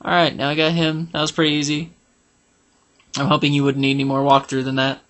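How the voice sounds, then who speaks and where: A man narrates a game walkthrough in a casual, rambling way, cracking jokes and humming and singing tunes as he plays. His voice is on the high side and a bit bright, delivered in a monotone at a slightly fast pace.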